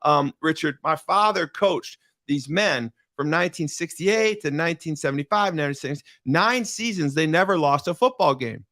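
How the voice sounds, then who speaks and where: Impassioned storytelling man, slightly high voice. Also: expressive, a bit bright, no room sound, studio quality. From Michigan, USA. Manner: impassioned, dramatic pauses, repeats for emphasis. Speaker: podcast guest. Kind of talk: emotional storytelling in conversation.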